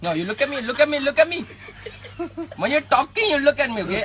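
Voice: sits high, expressive, brisk, over a noisy crowd. A speaker playing a bossy, exasperated language teacher in a comedy skit, laughing often. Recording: loud background noise.

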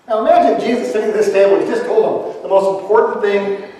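A male pastor preaches a conversational, humorous sermon, often turning questions to the congregation. His voice sits fairly high for a man. It is heard from afar in a large, echoey church with a long reverb. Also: fast, dark tone. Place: church sanctuary. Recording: echoey church hall from far off.

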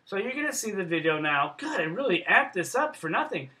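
A man telling a rambling, profane story as a vlogger, jumping between loud outbursts and low mutters. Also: very animated, brisk. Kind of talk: casual storytelling vlog. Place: Montreal.

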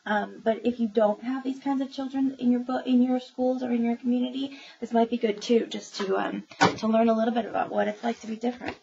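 A woman's voice: a little high, fairly even intonation, a little fast, gravelly, dark tone. A woman reviewing new children's books in a casual book talk, chatty and enthusiastic, with many ums as she retells each story. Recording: dull lo-fi sound with faint noise.

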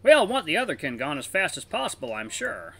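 A man's voice: fairly high pitch, wildly swooping pitch, fast, bright, forceful tone, pitched above the performer's own voice, heavily acted. A man voicing a jovial, sly older male wolf merchant who teases and laughs heartily.

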